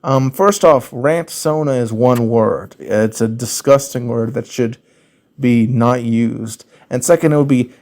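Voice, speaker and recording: A man with a Southern US accent speaks at a mid pitch in a slow, drawn-out way. He rants casually through viewer questions and leans on fillers as he goes. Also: darkish tone. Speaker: YouTuber answering viewer questions. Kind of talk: casual ranting commentary.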